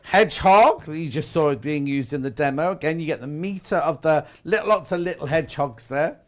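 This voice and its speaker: A man's voice: fairly high pitch, normal speed. A man presenting a live shopping channel show, chatty and upbeat with small jokes.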